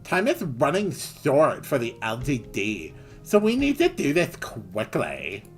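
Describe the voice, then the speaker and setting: A man's voice: mid-range voice, wildly swooping pitch, measured pace. A man voicing a bossy young female police commander with an exaggerated valley girl drawl, over faint music. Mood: commanding.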